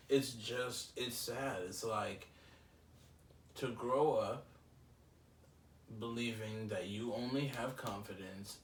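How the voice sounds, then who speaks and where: A young man talking casually in a solo podcast, rambling and reflective with lots of fillers. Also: fairly low pitch. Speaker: podcast host. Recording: roomy, slightly distant mic with faint ambient noise.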